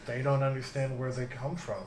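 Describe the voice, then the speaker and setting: A man's voice: medium pitch, flat delivery, moderate pace, a little mellow, roomy sound. A man narrating as game master, easygoing and rambling.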